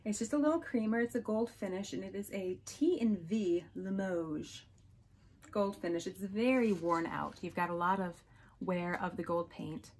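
A resale vlogger with a medium-pitched, slightly mellow voice does a casual show-and-tell of her thrift haul at a moderate pace. She's chatty and gushes over little finds, hiccuping now and then.

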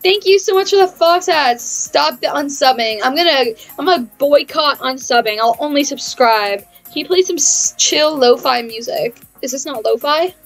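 A woman live-streaming a game in casual chat, bubbly and chatty, reading messages aloud and thanking viewers with excited squeals. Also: high voice, moderate pace, few pauses, soft background music.

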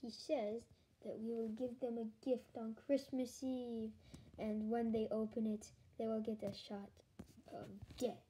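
A woman voicing a sinister, scheming villain in a low, hushed, menacing voice for a homemade toy story. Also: level tone, unhurried, slight background noise, close to an everyday voice, low-quality recording.

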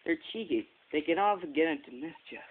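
A man's voice: a little high, animated, fairly quick, husky. A man voicing Edward, a sensible, kindly male tank engine, in a homemade storybook video, explaining and mildly scolding. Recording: tinny phone-like home recording with faint hiss.

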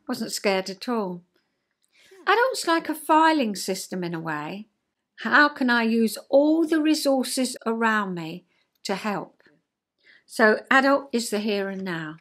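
An older woman chatting at home to her viewers, her voice sitting a touch high. She tells stories expressively and homely, slipping into lively dialogue. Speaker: host. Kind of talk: casual chat.

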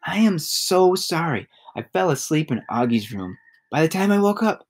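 A man's voice: mid-range voice, very animated, normal speed, darkish tone. A man reading aloud and voicing a caring, worried mother who apologizes and fusses. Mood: apologetic. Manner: apologetic, fussing.

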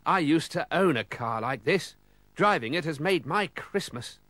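A man's voice: a little high, animated, measured pace, a bit bright, dry recording, pitched above the performer's own voice. A man doing a sheepish, apologetic thief. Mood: remorseful. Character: remorseful man who stole a car.

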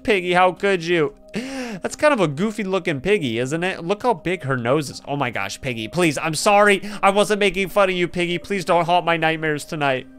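A gaming YouTuber, young and excitable, reads a game's story dialogue aloud, reacting to every twist with frequent laughs and gasps. His slightly high voice is smooth and clear, with faint music in the background.

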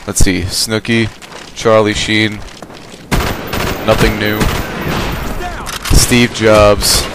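A young man talks over a video game in a loose, rambling way, swearing freely and drifting between tangents, and he sounds tired. His voice sits a little low. Loud gunfire and explosions from the game play clearly behind him. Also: flat delivery, extremely slow, very noisy. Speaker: gameplay commentator. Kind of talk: casual rambling commentary over gameplay.

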